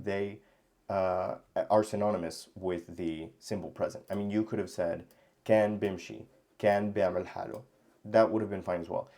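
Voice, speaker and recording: A man teaching grammar in a casual lesson, thinking aloud with many pauses and restarts. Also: low voice, dark tone. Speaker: language teacher.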